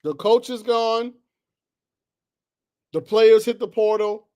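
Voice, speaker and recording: A man hosting a solo sports talk show, heated and exasperated, jumping from loud outbursts to low muttering. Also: little pitch movement, slow, clear, resonant tone. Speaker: sports commentary host.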